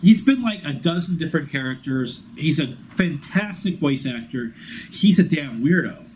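A man co-hosting a casual fan podcast, excitable and quick, laughing at himself as he talks. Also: a little high, a little hiss or hum, poor audio. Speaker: podcast co-host.

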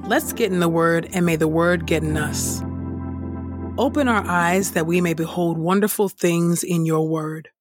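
Woman co-host for a podcast intro, low-ish voice, calm and inviting, loud guitar music underneath. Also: unhurried.

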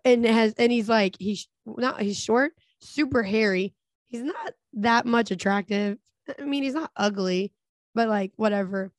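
A woman's voice: on the high side, a little slow, no echo, clean studio sound. A woman co-hosting a podcast in crude casual chat, blunt and profane, laughing easily. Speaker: podcast co-host.

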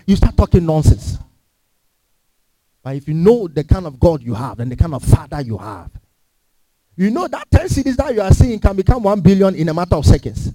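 A man's voice: high-pitched, very animated, a little fast, mellow, no echo. A man preaching a sermon in a church, emphatic and full of rhetorical questions to the congregation. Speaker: pastor.

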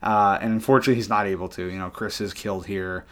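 A man's voice: lowish voice, steady tone, fast. A man co-hosting a podcast in casual chat, earnestly retelling scenes from a book. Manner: earnest, retells scenes with quoted lines, chuckles. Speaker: podcast co-host.

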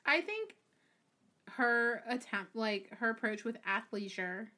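A young woman co-hosting a podcast in relaxed, agreeable chat with many fillers. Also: fairly high pitch, takes it slowly. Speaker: podcast co-host. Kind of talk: casual chat.

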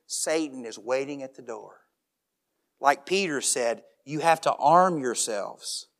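A pastor in his forties preaching a sermon, joking one moment and then slowing down and dropping his voice to a hush for emphasis. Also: on the high side.

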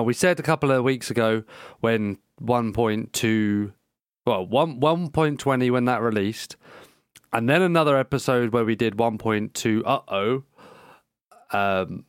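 A man's voice: lowish voice, a little slow, clean tone, no echo, clean studio sound. A man co-hosting a casual gaming podcast, rambling through jokes and laughing often. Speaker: podcast co-host. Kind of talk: casual chat.

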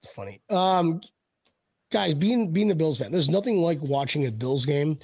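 A man's voice: a little high, expressive, normal speed, darkish tone, husky, dry recording. A man hosting a casual sports fan chat, joking and rambling with restarts. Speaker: podcast host.

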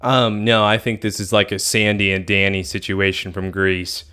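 A man's voice: fairly low pitch, flat delivery, normal speed, pushed and bright, smooth. A man co-hosting a casual recap chat with wry reactions and jokes. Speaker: podcast co-host.

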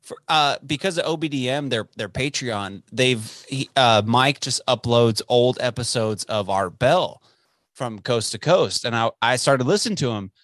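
A man's voice: medium pitch, moderate pace, fairly bright tone, no echo, clean studio sound. A man in his twenties hosting a casual podcast chat, laid back and saying "dude" often. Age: 20s. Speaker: podcast host. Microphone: podcast mic.

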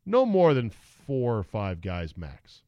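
Animated man telling a story on a podcast. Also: fairly low pitch, slow, no echo, highs cut off. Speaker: podcast host. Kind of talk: casual chat.

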